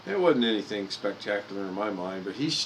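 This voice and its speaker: A man in his fifties from Indiana, talking through a relaxed livestream in a somewhat low voice. He rambles from one anecdote to the next, restarting phrases and correcting himself as he goes, with a faint air-conditioning hum in the room behind him. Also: a little fast, poor audio. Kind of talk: casual storytelling monologue.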